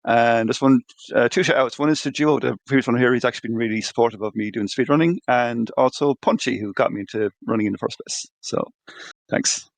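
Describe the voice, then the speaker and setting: A man signing off after his speedrun with shout-outs, a bit hesitant and shy. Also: medium pitch, fairly quick, vocal fry, no room sound, rough recording. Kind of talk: casual sign-off with shout-outs.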